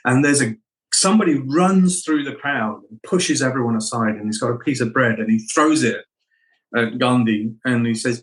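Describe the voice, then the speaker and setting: A middle-aged man, an actor being interviewed, reflecting on his craft and telling animated anecdotes. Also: medium pitch, moderate pace, rough recording. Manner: animated anecdotes, acts out quoted voices.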